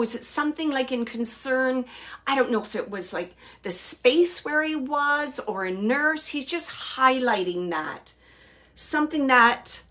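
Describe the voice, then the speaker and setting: Gentle, hesitant woman medium. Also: high-pitched. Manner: gentle, hesitant, many pauses and fillers; earnest, relays quoted messages softly. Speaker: psychic medium. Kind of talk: live spirit reading.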